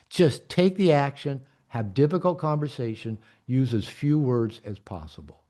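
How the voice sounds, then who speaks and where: A man's voice: mid-range voice, animated, moderate pace, hardly any pauses, warm tone. An older man, an author and coach, giving a blunt, candid talk to an audience of men and telling stories from his own marriage. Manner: blunt, candid, storytelling with profanity.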